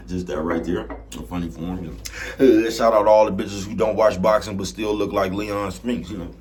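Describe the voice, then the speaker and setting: Pitched fairly low, the man keeps a steady tone and a normal speed, with a little background noise in the recording. This vlogger rants casually and streetwise to camera, laid-back at first but growing loud and heated, and he often asks "you know what I'm talking about."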